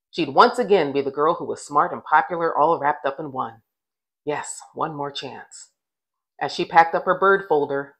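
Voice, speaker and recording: A woman's voice: low-pitched, low-quality recording. Woman reading a children's story aloud. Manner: gentle, expressive reading with voiced dialogue. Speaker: author reading her own novel. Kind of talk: storybook narration.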